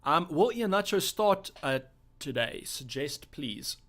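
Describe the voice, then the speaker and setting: A man's voice: on the high side, measured pace. A young man from South Africa hosting a live stream, chatting casually as he reads out viewer questions and thinks aloud. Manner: relaxed, thinking aloud with fillers. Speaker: livestream host.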